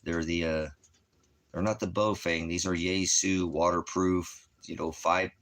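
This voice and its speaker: Low-voiced man rambling casually. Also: steady tone, a bit bright. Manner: rambling and halting, trails off. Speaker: vlogger. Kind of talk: casual personal talk to camera. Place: at home indoors.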